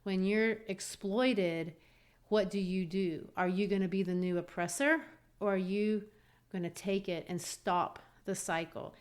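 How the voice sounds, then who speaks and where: A woman's voice: medium pitch, fairly even intonation, a little slow. A woman co-hosting a literature podcast, animatedly discussing a play and acting out quotes from it. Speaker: podcast co-host.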